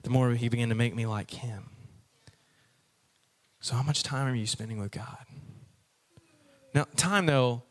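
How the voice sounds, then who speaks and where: A preacher from Texas, a man, gives a joking sermon and talks straight to his audience in a playful, animated way. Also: medium pitch, measured pace, pauses often.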